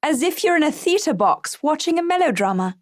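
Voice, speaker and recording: A woman voicing a cheerful, gracious grown woman with lively, bright exclamations in an audiobook reading. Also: high-pitched, fairly quick, dry recording, studio quality, voice pushed up. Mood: amused.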